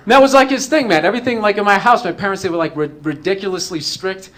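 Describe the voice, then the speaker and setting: A man's voice: high voice, fast talker, few pauses, fairly bright tone, some chatter behind. A man telling a comedic personal story in a rambling, profane way, full of "like" and "you know".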